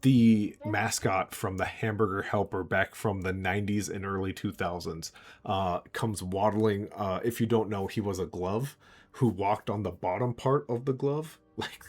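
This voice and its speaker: A man narrating a tabletop game as game master. He has a lowish voice and rambles along, laughing often. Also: moderate pace, darkish tone, slightly rough.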